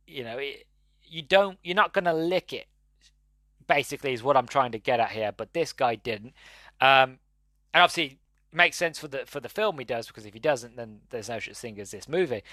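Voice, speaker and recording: A man's voice: medium pitch, a bit bright, dry recording. A man hosting a podcast, reviewing a movie in a rambling, exasperated way with laughing asides. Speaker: podcast host. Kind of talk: casual solo movie review.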